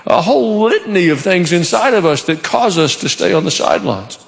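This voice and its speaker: A man's voice: high voice, sing-song, normal speed, vocal fry, hardly any pauses, big-room sound. A man preaching a sermon in church, telling a story with animation and acting out the quoted lines. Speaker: pastor.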